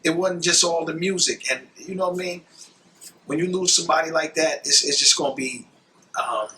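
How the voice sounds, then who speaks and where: A man's voice: on the high side, a little fast, bright, forceful tone, far from the mic, slight background noise, low-quality recording. A man in a documentary interview, talking loosely and rambling with fillers. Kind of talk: reflective interview talk.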